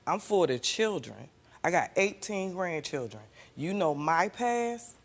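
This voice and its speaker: A woman's voice: fairly low pitch, big pitch swings, a little slow. An older woman on a talk show stage defending herself in an insistent way, cutting in to hold her ground. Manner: insistent, talks over others with repeated "hold on". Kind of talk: defensive argument. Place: TV studio stage.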